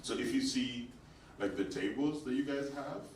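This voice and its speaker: A Ugandan man performs stand-up on a comedy club stage, medium-pitched and at a moderate pace. His set mixes animated storytelling, acted-out quoted voices, and chatting with the live crowd. It's captured in a roomy, distant club recording with audience noise.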